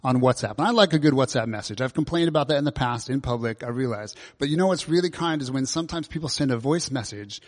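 A man gives a sermon in a relaxed, conversational manner. He leans on questions to the congregation, and his voice carries a long reverb from the large hall around him. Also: medium pitch, fast talker, hardly any pauses. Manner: conversational, asks many questions. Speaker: preacher.

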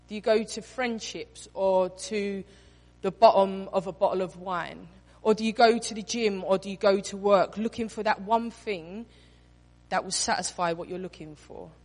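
A woman preaching a sermon, telling the story expressively and acting out quoted lines in different voices. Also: mid-range voice. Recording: reverberant hall.

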